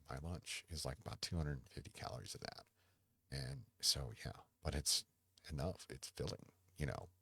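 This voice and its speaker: Very deep gravelly rambling man. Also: fairly bright tone, no echo. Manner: rambling, self-interrupting, dry humor. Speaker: podcast host. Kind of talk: casual solo chat.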